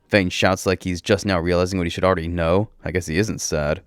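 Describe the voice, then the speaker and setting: A man reading a first-person story aloud in a brisk, wry manner. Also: sits low, steady tone, smooth, no room sound, clean studio sound.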